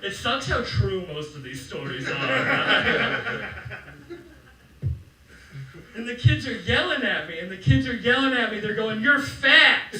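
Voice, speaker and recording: A young man doing a stand-up set for a live crowd, telling his stories with animated delivery and acting out the quotes. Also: high voice, measured pace, long pauses. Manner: animated storytelling, acts out quotes. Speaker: stand-up comedian. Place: comedy club stage. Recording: roomy club sound, mic heard from a distance, crowd noise. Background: audience laughing.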